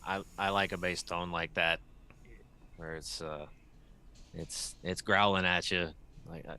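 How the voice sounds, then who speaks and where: A man co-hosting a music livestream, easygoing and halting, with fillers. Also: deep voice, fairly even intonation, sharp tone, clean tone. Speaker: podcast co-host. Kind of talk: casual livestream chat.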